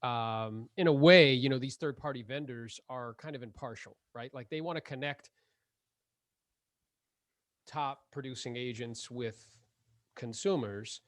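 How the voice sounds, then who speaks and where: A man's voice: medium pitch, unhurried, pauses often, no echo, studio quality. A man hosting a podcast, chatting casually and animatedly with his guest, laughing often and leaning on "like". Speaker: podcast host. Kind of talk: casual interview chat.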